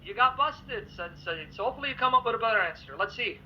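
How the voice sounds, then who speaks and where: High bright-voiced guy arguing hard in a debate, muffled lo-fi sound. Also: lively intonation, fast talker, slight background noise. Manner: forceful, reads passages aloud. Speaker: Christian debater. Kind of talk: heated religious debate. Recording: dull lo-fi audio.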